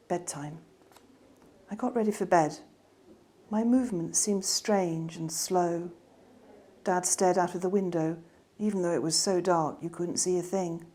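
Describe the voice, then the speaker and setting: A woman reading her children's novel aloud in a gentle, expressive way. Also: lowish voice. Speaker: author reading her book.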